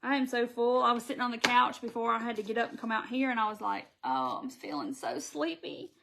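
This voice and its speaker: A woman's voice: on the high side, level tone, fast, vocal fry, a bit bright, a little hiss or hum. A woman with a Southern American accent hosting a casual live crafting tutorial, chatting and reading viewer comments aloud as she works. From Southern United States.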